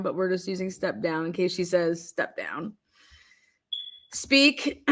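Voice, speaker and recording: A woman hosting a live-stream chat, excitable and giggly, swearing casually. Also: on the low side, slow pace. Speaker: livestream host.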